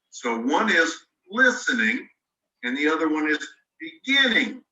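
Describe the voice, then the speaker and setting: A male ESL teacher on a video call patiently walks through spelling rules step by step, spelling words out letter by letter. His voice is on the high side, sing-song and a little slow, pushed and bright. The recording is muffled and roomy, with the mic at a distance.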